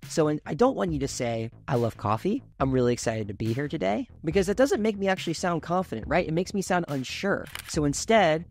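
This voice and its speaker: A man giving clear, emphatic coaching tips as a public speaking coach. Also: a little high. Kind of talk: instructional talk to camera.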